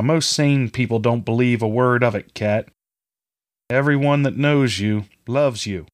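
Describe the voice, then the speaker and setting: A man voicing a middle-aged farmer father who speaks gently and kindly to his daughter. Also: medium pitch, close to an everyday voice.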